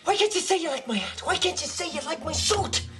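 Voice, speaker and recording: A woman's voice: extremely high pitch, lively intonation, a little fast, fairly bright tone, soft background music. An insistent young woman. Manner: pressing, repeating her demand.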